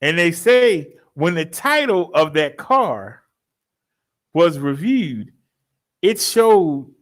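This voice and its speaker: A man telling a story to his followers in a casual, joking way, laughing often and switching into high mimicking voices. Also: fairly bright tone. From Baltimore, US. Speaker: fitness vlogger telling a story.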